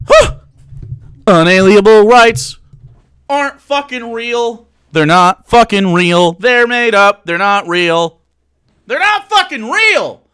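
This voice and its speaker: Animated, bright-voiced ranting man. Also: high-pitched, slow pace, clean tone. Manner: profane, exasperated, laughing mid-rant. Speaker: streamer. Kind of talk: ranting reaction stream.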